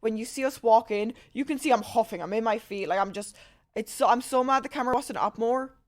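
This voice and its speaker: Young woman ranting a story to her stream chat, high-ish voice, swears a lot. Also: fairly quick. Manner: rambling, profane, animated retelling.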